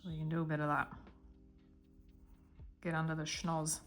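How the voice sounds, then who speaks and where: A woman's voice: low-pitched, completely flat delivery, normal speed, fairly bright tone, soft background music. A woman hosting a guided coloring tutorial, chatting and mumbling to herself as she works. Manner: chatty, mumbling self-talk while working.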